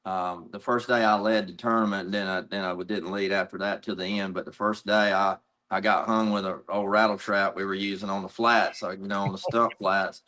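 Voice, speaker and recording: A man's voice: deep voice, flat delivery, a little fast, hardly any pauses, sharp tone. A middle-aged man from North Carolina, a pro angler, telling a long story in a casual, rambling way.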